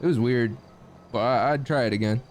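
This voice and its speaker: A young man from the Midwest US chatting casually with his stream chat, swearing freely and making lively asides. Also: medium pitch, brisk.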